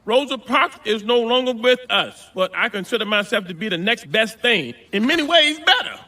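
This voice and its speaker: A man voicing Robert Freeman, a vain, boastful older man who calls himself a civil rights hero, in an animated comedy. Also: extremely high pitch, normal speed, no echo, full character voice. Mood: pompous. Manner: boastful, blustering, shouts when riled.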